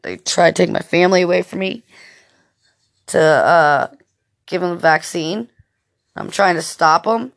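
With a gravelly, lowish voice, this woman hosts a podcast at an unhurried pace, pausing at length between thoughts. She tells meandering, profane stories in a laid-back monologue stuffed with fillers.

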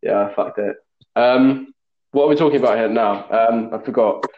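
A young man hosts a loose podcast chat, teasing his guest and quick to joke. His voice sits at a middle pitch. The recording sounds roomy and a little dull. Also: a little hiss or hum. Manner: jokey and teasing, quick to laugh. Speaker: podcast host. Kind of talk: casual chat.

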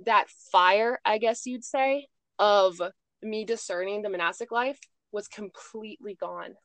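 A woman's voice: mid-range voice, measured pace, no room sound. Chatty young woman telling a story. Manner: chatty storytelling, with frequent "like" and "I'm just like". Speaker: podcast host. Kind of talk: casual chat.

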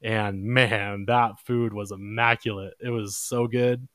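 A young man hosting a podcast, casually telling a long story in a relaxed, chatty way and lifting his voice when he quotes others. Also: lowish voice, takes it slowly, dry recording. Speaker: podcast host.

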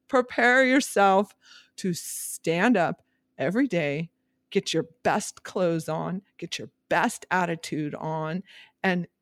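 A woman's voice: lowish voice, dry recording, clean studio sound. A woman real estate agent talking candidly in a podcast monologue, emphatic, direct and emotional.

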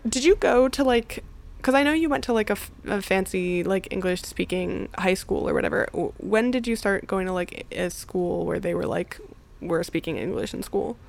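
A podcast host speaks from her New Jersey home in a mid-range voice with vocal fry, at a moderate pace. The conversation is casual; she's chatty, laughs a lot, and fills her speech with likes and ums.

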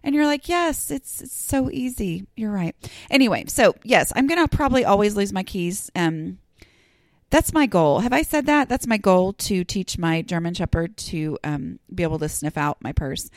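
A woman's voice: lowish voice, vocal fry, no room sound, studio quality. A middle-aged woman hosting a podcast, rambling and self-deprecating with lots of fillers. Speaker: podcast host. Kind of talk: casual solo podcast talk.

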